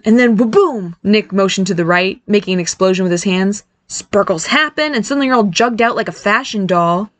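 A woman's voice: medium pitch, a little fast, hardly any pauses, no echo, lightly acted. A woman voicing a blunt, tactless teenage boy teasing his brother in a storybook reading.

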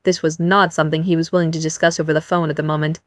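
A woman narrating a novel as an audiobook in an even storytelling manner. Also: low voice, rapid-fire, no echo.

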